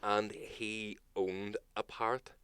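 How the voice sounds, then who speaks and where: A man's voice: fairly low pitch, flat delivery, takes it slowly, crowd noise. A young man co-hosting a casual podcast chat, sweary and mocking, laughing often. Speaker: podcast co-host.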